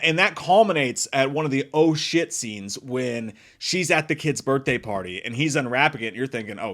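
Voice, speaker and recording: A man casually reviewing a horror movie, swearing freely and acting out lines in loud shrieking voices. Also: on the high side. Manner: profane, animated, acts out quotes in big shrieking voices. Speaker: movie review podcast host. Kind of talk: casual spoiler review chat.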